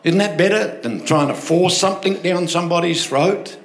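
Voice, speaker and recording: An older Australian man, a pastor, tells stories during a sermon in a slightly high voice at a moderate pace, barely pausing. He's animated and keeps asking the crowd for amens. It's recorded in an echoey church hall with music playing behind him.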